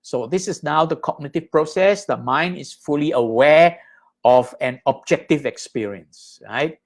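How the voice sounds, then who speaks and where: A man's voice: a little high, unhurried. A man giving a Buddhist Dharma lecture over slides, explaining patiently and often checking in with his listeners.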